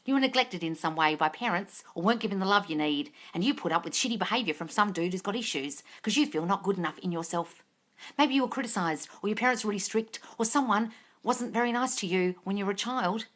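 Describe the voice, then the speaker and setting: Brash, sweary woman coach. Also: fast talker. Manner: brash, sweary, scolding, swings from low mutter to loud yelling. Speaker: manifesting coach answering live chat questions. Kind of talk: blunt livestream Q&A.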